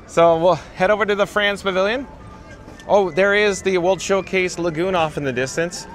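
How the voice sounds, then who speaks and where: A man's voice: high-pitched, moderate pace, fairly bright tone, faint music behind. A man hosting a live-streamed walking tour outdoors in a theme park, chatting and reading viewer comments aloud, recorded on a handheld mic while walking.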